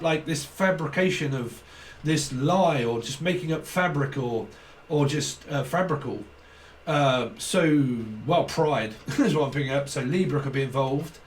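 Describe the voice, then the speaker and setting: Rambling, swearing man, a little high. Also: far from the mic, slight background noise. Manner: rambling, profane, laughing often. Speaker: tarot reader. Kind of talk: casual channelled tarot reading.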